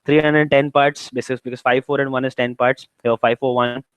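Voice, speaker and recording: A man's voice: mid-range voice, flat delivery, fairly quick, clean tone, no room sound, low-quality recording. A man with an Indian English accent, lecturing on exam preparation and walking through questions step by step with frequent rhetorical questions. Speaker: exam prep tutor. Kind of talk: classroom lecture.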